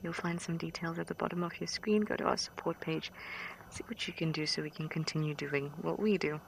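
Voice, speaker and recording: A woman working as a safari guide, giving soft, fond live wildlife commentary from a vehicle outdoors and often dropping to a whisper. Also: low-pitched, steady tone, quick pace, vocal fry, slight background noise, low-quality recording. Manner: soft and fond, drops to a whisper near the animals.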